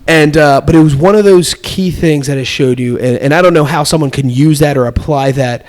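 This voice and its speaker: A man's voice: fairly high pitch, brisk, darkish tone. A man on a podcast casually telling a childhood story, acting out the quoted voices and laughing often. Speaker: podcast host.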